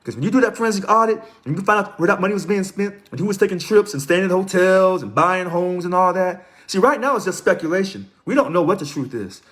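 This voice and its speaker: A man's voice: sits high, expressive, fast, hardly any pauses, fairly bright tone. A man hosting a casual live stream, reading aloud, commenting and greeting viewers by name. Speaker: livestream host.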